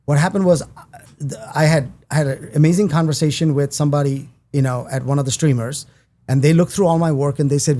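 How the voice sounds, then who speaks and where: A man's voice: on the high side, fairly even intonation, fast talker, mellow. A middle-aged man, a film producer and director, telling a long story in casual chat and acting out the dialogue of the people in it.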